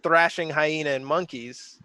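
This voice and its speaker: A man playing a tabletop game who checks the rules and asks quick questions about what his character can do. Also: on the high side, fairly even intonation, crowd noise. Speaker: player. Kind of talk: casual tabletop game play.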